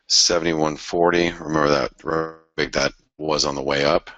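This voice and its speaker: A man hosting a live forex trading show, talking through charts in an excitable, thinking-aloud way with frequent exclamations. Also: extremely low pitch, a little fast, hardly any pauses, dry recording, highs cut off. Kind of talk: live market commentary.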